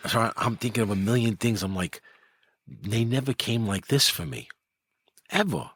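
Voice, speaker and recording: A man's voice: normal speed, breathy edge. A middle-aged man, telling a story in casual talk and acting out the quotes in it. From New York. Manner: animated, acts out quotes with rising pitch. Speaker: guest, former mob enforcer.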